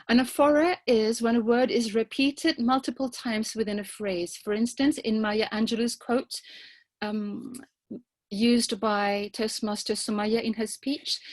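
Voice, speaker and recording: A woman giving a grammarian's report at a club meeting, speaking carefully and deliberately as she spells out tricky words. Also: fairly high pitch, no room sound, poor audio.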